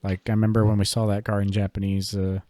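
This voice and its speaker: A man with a mellow, somewhat low voice talks casually on a podcast, rambling through his thoughts with plenty of fillers. The sound is dry and close, with no room around it. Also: quick pace, no room sound. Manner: relaxed, rambling, many fillers and hedges. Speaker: podcast co-host. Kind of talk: casual chat about collectible cards.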